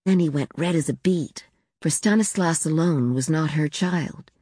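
Woman narrator, measured literary reading, low pitch, dry studio. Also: dark tone, slightly rough, dry recording. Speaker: audiobook narrator.

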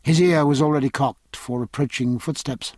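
A man narrating a novel aloud in an expressive, measured storytelling manner. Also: mid-range voice, no room sound. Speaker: audiobook narrator. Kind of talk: scripted narration.

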